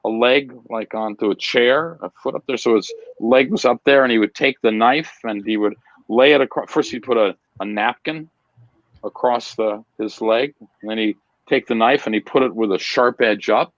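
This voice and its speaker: A man's voice: mid-range voice, normal speed, no echo, highs cut off. A man, a magician, chatting casually and retelling a stage routine step by step. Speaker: magician, conversation partner. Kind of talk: casual reminiscing chat.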